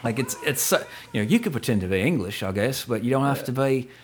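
A man co-hosting a casual movie podcast, rambling through trivia and getting excited and joking as he goes. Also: medium pitch, quick pace, husky. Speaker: podcast co-host.

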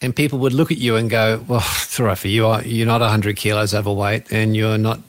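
A man hosting a podcast interview, asking long questions in halting, searching phrasing. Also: lowish voice, fairly even intonation. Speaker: podcast host.

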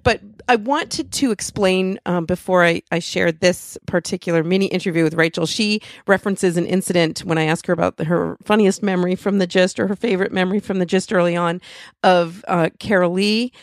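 A woman in her forties hosts a podcast with casual, rambling chat, laughing easily as she goes. Her lowish voice carries a gravelly fry, and the sound is dry and close. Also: a little fast, no room sound. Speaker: podcast host.

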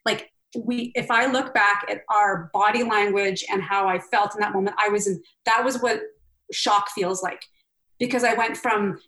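A woman's voice: mid-range voice, moderate pace, rough recording. A middle-aged woman, an interview guest, recounting a past competition candidly, acting out what people said, with many fillers. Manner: candid, animated, lots of fillers and acted-out quotes. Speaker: interview guest, former Olympic pairs skater. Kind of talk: emotional personal storytelling.

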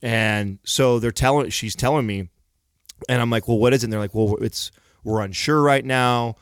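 A man's voice: mid-range voice, normal speed, smooth, no room sound, clean studio sound. A man telling a long story in casual chat, rambling and swearing freely as he goes.

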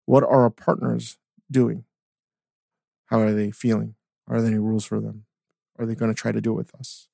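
Gravelly-voiced man in casual podcast chat. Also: fairly low pitch, flat delivery, dark tone, no room sound, clean studio sound. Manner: rambling, profane, reads ad plugs quickly. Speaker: podcast co-host.

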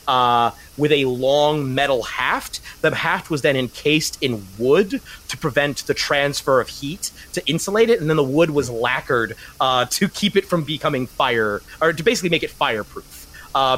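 A man acts as game master for a tabletop game, narrating in a rambling way with many fillers. His voice is mid-range and a bit bright.

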